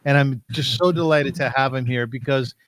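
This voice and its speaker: A man's voice: medium pitch, steady tone, moderate pace, a bit bright, no echo. Guy hosting a talk show, chatty and laughs a lot, dry room. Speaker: host. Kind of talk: casual interview talk.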